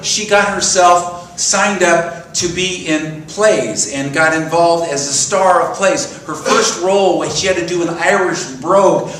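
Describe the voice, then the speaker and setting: A minister in his sixties gives a sermon in a church sanctuary, animated and telling stories while putting questions to the congregation. His voice is on the high side. A distant mic adds roomy echo along with a little hiss or hum.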